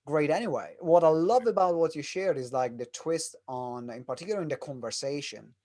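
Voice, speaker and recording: A man hosting a podcast interview, speaking hesitantly with many pauses and restarts. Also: on the high side, a little mellow. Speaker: podcast host. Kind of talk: conversational interview.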